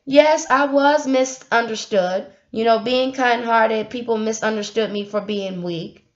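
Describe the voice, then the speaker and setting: A young woman giving a casual spiritual monologue, animated and preachy, swinging from loud outbursts to hushed asides. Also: on the high side, measured pace, muffled recording. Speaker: speaker.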